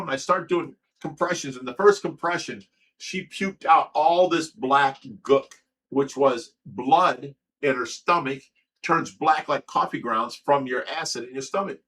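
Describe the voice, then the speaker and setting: A man's voice: medium pitch, unhurried, fairly bright tone, distant mic. A man hosting a livestream, telling a long personal story in a rambling way, stammering and repeating himself with lots of fillers. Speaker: livestream host of a fish rescue.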